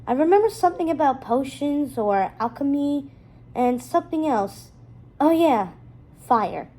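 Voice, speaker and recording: A woman's voice: high-pitched, lively intonation, unhurried, warm tone, poor audio. A woman doing a jokey young coach-brother. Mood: joking. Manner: joking, coach-like pep talk. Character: cocky young adult male ex-racer brother, joking.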